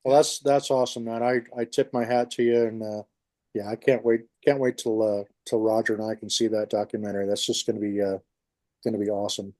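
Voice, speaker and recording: A man's voice: lowish voice, little pitch movement, a little fast, a little mellow, no room sound. A man with a New York accent co-hosting a podcast, telling long rambling stories in casual chat with many restarts. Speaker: podcast co-host.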